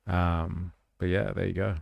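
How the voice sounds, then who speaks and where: Deep gravelly Australian man streaming. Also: flat delivery, measured pace, no room sound, dull audio. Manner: rambling, swears casually. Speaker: livestream host. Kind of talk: casual commentary stream.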